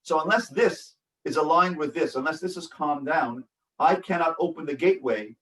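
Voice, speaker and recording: A rabbi lectures on family life in an earnest, emphatic way, repeating key points. His voice sits fairly high for a man. It is picked up from a distance rather than close to the mic. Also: moderate pace, a bit bright. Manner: earnest, repetitive, acts out examples. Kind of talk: workshop lecture.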